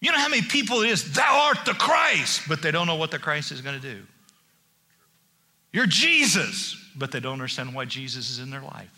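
A man preaching a sermon, joking and conversational, acting out Bible figures in quick asides. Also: medium pitch, bright, forceful tone. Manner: jokey and conversational, with many restarts. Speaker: pastor.

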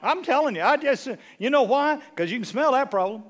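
High-voiced, animated preacher man. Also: fairly quick. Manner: snarky, conversational, teasing. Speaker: bishop preaching. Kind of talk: sermon.

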